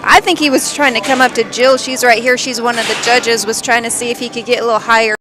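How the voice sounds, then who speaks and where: A woman's voice: on the high side, fairly even intonation, fast talker. A woman with a Midwestern accent, co-commentating a live bucking bull event in an upbeat, plainspoken way.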